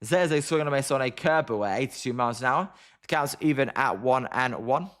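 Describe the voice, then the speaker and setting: Bright-voiced British man calling baseball. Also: a little fast. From Britain. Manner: chatty, greets viewers by name between pitches. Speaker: live-stream baseball commentator. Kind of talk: casual live play-by-play and chat reading.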